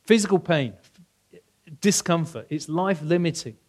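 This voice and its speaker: A middle-aged man delivers a sermon in a relaxed, story-telling way, tripping over words and then restarting. His voice sits a little high for a man and rises when he makes his points. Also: normal speed. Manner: conversational, anecdotal, many restarts; animated, raises voice for emphasis. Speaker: preacher. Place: church hall.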